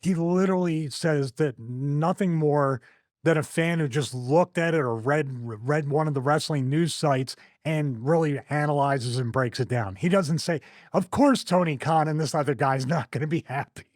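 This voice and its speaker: A man with a Philadelphia accent hosting a wrestling podcast, chatting in an animated, opinionated way with frequent laughs. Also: fairly high pitch, normal speed, no echo, studio quality. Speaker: wrestling show host. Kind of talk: casual podcast chat.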